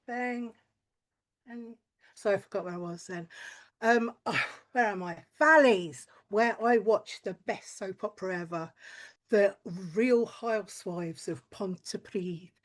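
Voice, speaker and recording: A woman doing a crude, chatty stand-up routine, full of "like" and swearing. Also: mid-range voice. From lives in Wales, not Welsh-born. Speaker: stand-up comedian.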